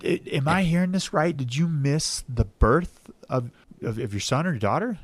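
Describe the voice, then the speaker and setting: A man's voice: on the high side, normal speed, no room sound. A man hosting a podcast, asking questions and reacting supportively in casual conversation. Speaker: podcast host.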